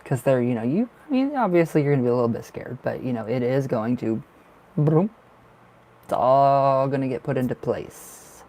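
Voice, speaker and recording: A man's voice: mid-range voice, expressive, normal speed, mellow. A man giving live tarot readings on a stream, chatty and reassuring, full of fillers and emotion. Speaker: tarot reader.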